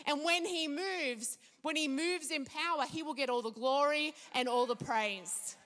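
Woman preacher, sermon, high bright voice, emphatic declarations, measured pauses.

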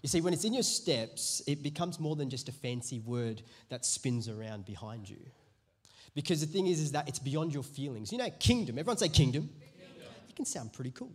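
A male pastor giving a conversational sermon to a church congregation, building to loud, emphatic preaching. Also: medium pitch, animated, brisk, slightly rough. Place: church hall.

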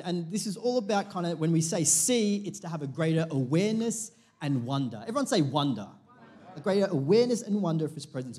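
A man leads a church sermon with a slightly high-pitched voice. He talks to the congregation casually, cracking jokes and often breaking off and restarting his sentences. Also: a little mellow. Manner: chatty, jokey, self-interrupting preaching. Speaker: pastor.

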